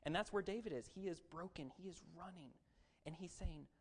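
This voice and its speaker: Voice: medium pitch, a little fast, slightly rough. A preacher giving a sermon in a conversational way, asking the audience questions and adding self-deprecating jokes. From raised as a Baptist missionary and pastor's kid.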